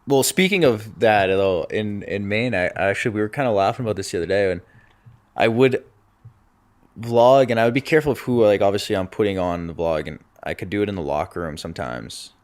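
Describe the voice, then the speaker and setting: A young man co-hosting a casual podcast with a slightly low voice. He tells stories in a loose, animated way and laughs through the funny parts. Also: brisk. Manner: animated storyteller, laughs through his own story. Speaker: podcast co-host. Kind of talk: casual chat.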